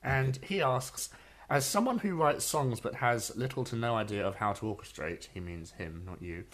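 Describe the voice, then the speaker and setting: A man's voice: mid-range voice, moderate pace, fairly bright tone. A man co-hosting an interview, practical in tone, steering the talk and reading out listener questions. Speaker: podcast co-host.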